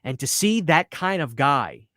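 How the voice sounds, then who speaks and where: A man hosting a podcast and chatting casually, excitable and profane, stumbling over repeated words when he gets worked up. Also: on the high side, a little slow, no room sound, clean studio sound. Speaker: podcast host. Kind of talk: casual chat.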